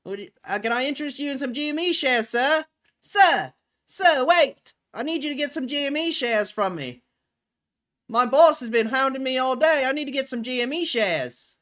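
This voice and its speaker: A shrill, shouting newsboy hawker. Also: male voice, lively intonation, moderate pace. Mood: pushy hawking. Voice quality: high, shouty street-vendor patter. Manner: eager, pleading salesman pitch. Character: loud, pushy young male newsboy hawking shares. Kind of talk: comic put-on voice on a livestream.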